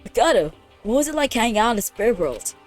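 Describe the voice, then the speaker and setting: A woman's voice: a little high, very animated, fast. A young woman playing a visual novel, reading every character's lines aloud in her own voice, laughing and reacting, with faint game music behind. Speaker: let's play host.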